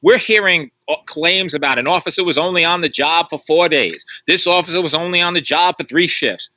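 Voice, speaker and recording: A man's voice: on the high side, a little fast, bright, forceful tone, highs cut off. A man speaking as an interview guest on a live stream, emphatic and repetitive, asking rhetorical questions. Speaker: guest commentator on policing.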